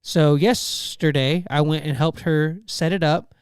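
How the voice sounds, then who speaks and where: A podcast co-host tells stories in a loose, meandering way, full of "um" and "like" and self-corrections. His voice is a little high and very smooth, and it is recorded close and dry. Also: fairly even intonation, a little slow, dry recording. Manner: rambling storyteller, frequent fillers and restarts. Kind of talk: casual chat.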